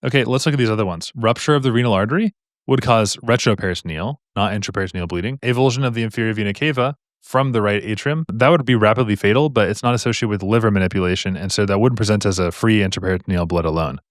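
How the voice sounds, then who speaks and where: A man's voice: lowish voice, fast, no echo, clean studio sound. A man tutoring on medical exam questions in a live stream, explaining in a casual, upbeat way with repetitions and slangy asides.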